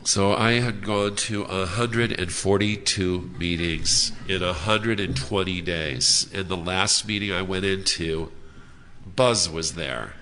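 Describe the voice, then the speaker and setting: A man sharing his personal story as a speaker at a convention, earnest and halting with frequent "uh" fillers. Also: deep voice, sharp tone, slight background noise. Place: hotel convention room.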